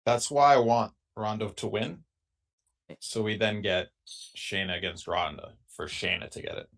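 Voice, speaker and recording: Lively, blunt podcast co-host. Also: male voice, lowish voice, normal speed, vocal fry. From Boston. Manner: blunt, playfully over-the-top. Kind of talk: casual podcast chat.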